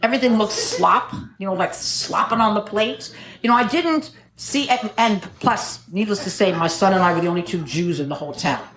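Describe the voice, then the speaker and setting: A woman's voice: mid-range voice, animated, fairly quick, background noise. A middle-aged woman telling her recovery story at a meeting, wry and self-mocking, joking as she goes. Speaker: AA speaker. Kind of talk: personal recovery talk at a meeting. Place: meeting room. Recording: echoey meeting room.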